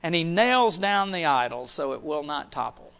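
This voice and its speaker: A man preaching a sermon, animated, repeating phrases and dropping almost to a whisper for emphasis. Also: a little high, moderate pace, creaky, clean tone. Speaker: pastor.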